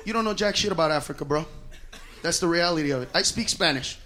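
A man performing a profane stand-up comedy set, loud and brash, jumping between shouted bits and muttered asides. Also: fairly high pitch, fast talker, a little hiss or hum. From United States.

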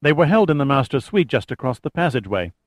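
A man's voice: mid-range voice, very animated, fast talker, dry recording. A man voicing a stiff, impatient male cruise ship captain under strain.

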